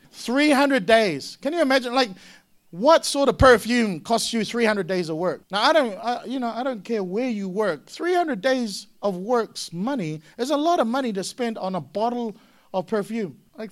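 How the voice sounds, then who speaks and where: A middle-aged man from Samoa preaching a sermon in an animated way, acting out voices in sudden loud bursts. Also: sits high. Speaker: pastor.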